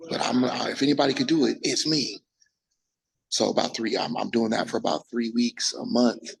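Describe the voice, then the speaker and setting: A young man, a bodybuilder, telling his story in a casual interview, animated and full of restarts, acting out quotes. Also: medium pitch, normal speed, low-quality recording. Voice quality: gravelly, husky. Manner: animated, acts out quotes, frequent restarts and profanity.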